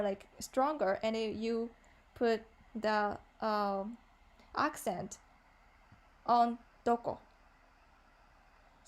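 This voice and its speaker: A woman with a Japanese accent teaches a beginner class, her voice sitting a little high. She explains slowly and patiently, filling pauses with "uh" and repeating each example sentence. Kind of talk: online language lesson.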